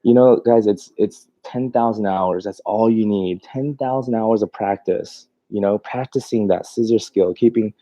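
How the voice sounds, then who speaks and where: This mobile dog groomer speaks at normal speed with few pauses, his warm voice on the low side, in a muffled recording with no room sound. Chatting casually on a livestream, he reads viewer comments, laughs often, and rambles loosely with frequent fillers and restarts.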